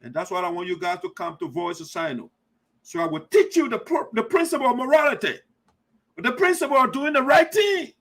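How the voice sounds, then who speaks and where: Man, very high voice, heated accusatory commentary, preachy, repeats himself. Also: very animated, fairly quick, a bit bright. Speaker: community radio commentator.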